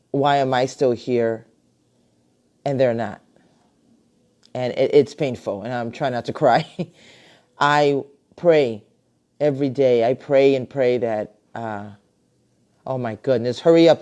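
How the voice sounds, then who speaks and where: A middle-aged woman and grandmother hosting a casual live video chat from her computer, talking in a chatty, warm-hearted way with many fillers and restarts. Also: very deep voice, slow, long pauses. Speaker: host. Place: home, at a computer. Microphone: computer mic on a live video call.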